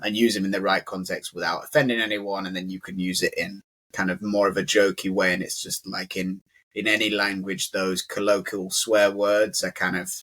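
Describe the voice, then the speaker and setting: A man's voice: low voice, pushed and bright. A young man co-hosting an English lesson, chatting casually and dropping "like" into almost every phrase. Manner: chatty, fills speech with "like". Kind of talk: casual conversational teaching.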